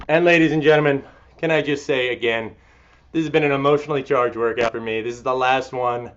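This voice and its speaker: A man leading a fitness class from his apartment, calmly counting through stretches and breaths, then thanking members in a sentimental, upbeat way. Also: mid-range voice, fairly quick, noisy background. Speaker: fitness instructor. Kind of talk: guided cool-down and live class sign-off. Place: apartment home studio. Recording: dull lo-fi sound.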